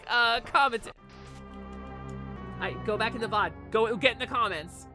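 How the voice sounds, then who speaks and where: A woman with a fairly high, sharp-toned voice speaks a little slowly with long pauses as she streams a game live. Faint game music plays while she swears, rants in exasperation at the game, and chats with and greets her viewers.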